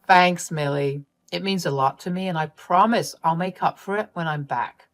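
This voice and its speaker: A woman voicing a gentle, supportive young husband who speaks in a soft, reassuring way. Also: lowish voice, normal speed, faint music behind, close to an everyday voice.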